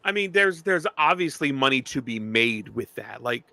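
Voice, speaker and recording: A man with a very bright, sharp tone jokes and teases through a casual chat. His pitch sits a little high and swings widely. The sound is dry and close. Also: moderate pace, creaky, no echo. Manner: joking, teasing, animated.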